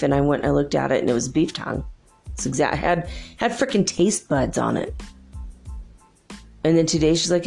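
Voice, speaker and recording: Low, gravelly woman host talking casually. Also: expressive, moderate pace, pauses often, darkish tone, soft background music. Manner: chatty, exasperated storytelling with frequent fillers. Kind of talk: casual monologue to listeners.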